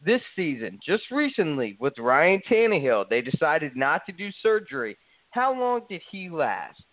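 A man's voice: on the high side, sing-song, a little slow, no echo. A man hosting a sports talk show, confident and salesy as he hypes his betting picks. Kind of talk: sports radio banter. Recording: tinny phone-like line, dry.

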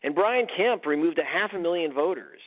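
A man's voice: fairly high pitch, animated, a little fast. Emphatic man guest on a phone line. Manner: emphatic, punchy storytelling. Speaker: guest author. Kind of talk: radio interview, storytelling.

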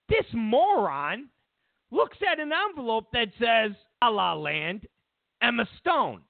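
A man hosts a political commentary monologue in a mocking tone, acting out other people's quotes in silly voices. His voice is very high-pitched with wildly swooping pitch, a slow pace and vocal fry. The recording is dry and sounds like it came over a phone.

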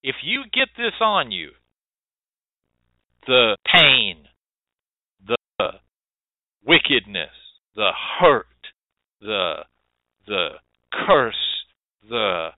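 Extremely slow, with long pauses, this man speaks in a sing-song, medium-pitched voice on a dry recording over a tinny, phone-like line. As a radio host teaching hoodoo rootwork, he lectures emphatically and preachily, swearing a lot and repeating himself.

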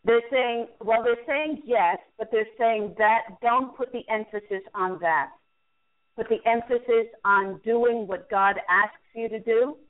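A woman's voice: fairly high pitch, unhurried. Woman hosting a call-in reading, phone-line sound. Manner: repeats messages she says she hears, gentle reassuring advice. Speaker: radio show host and angel reader.

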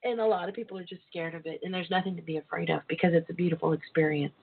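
A woman's voice: fairly low pitch, fairly even intonation, racing, gravelly, slightly rough. A woman hosting a call-in radio talk show, talking in an earnest, encouraging way and laughing often. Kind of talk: casual call-in radio chat. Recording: tinny phone-line sound.

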